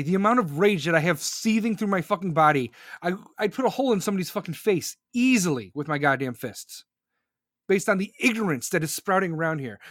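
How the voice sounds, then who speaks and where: A man's voice: high-pitched, a bit bright, no room sound, studio quality. A man hosting a podcast, delivering an angry, profane political rant. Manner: furious, profane, ranting. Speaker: podcast host.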